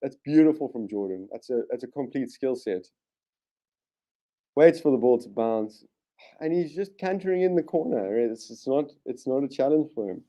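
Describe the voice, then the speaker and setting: A man hosting a live rugby watchalong, giving excitable play-by-play commentary with sudden bursts of enthusiasm and frequent restarts. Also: medium pitch, normal speed. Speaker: watchalong host.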